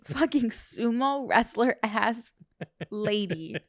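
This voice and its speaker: A young woman co-hosting a comedy podcast, telling a story with indignant, animated energy, swearing and laughing as she goes. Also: fairly high pitch, slow, no room sound. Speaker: podcast co-host. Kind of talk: casual comedic chat.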